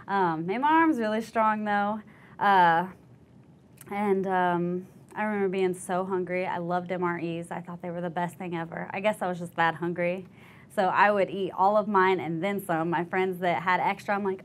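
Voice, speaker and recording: A young woman veteran telling her story in an oral history interview, candid and animated, acting out the voices of others. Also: fairly low pitch, brisk. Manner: candid storytelling, acts out quoted voices, laughs easily.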